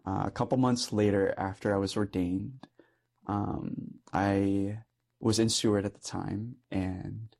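A man's voice: lowish voice, steady tone, unhurried, vocal fry, a little mellow. A young adult man, a Catholic priest, telling a personal story in an interview, earnest and easygoing with frequent light laughs.

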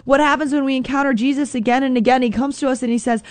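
Earnest woman giving a slow devotional talk. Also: high-pitched, steady tone, dry recording. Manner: earnest, slow and emphatic, repeats phrases. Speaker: Catholic devotional speaker.

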